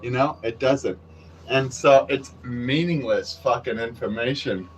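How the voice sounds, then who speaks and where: A man's voice: mid-range voice, a little slow, a little hiss or hum, rough recording. A man vlogging outdoors near a construction site, rambling wryly and cursing freely into a handheld camera. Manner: profane, rambling and wry. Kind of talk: casual rambling monologue to camera.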